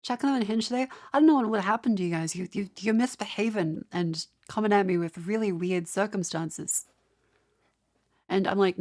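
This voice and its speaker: A woman's voice: medium pitch, fairly quick, a little mellow. A young Australian woman streaming live, chatting casually, exasperated and swearing as she rants at her chat.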